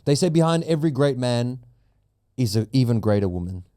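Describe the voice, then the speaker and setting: Lively joking male podcast co-host. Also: medium pitch, brisk, smooth. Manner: joking, laughs often. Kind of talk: casual chat.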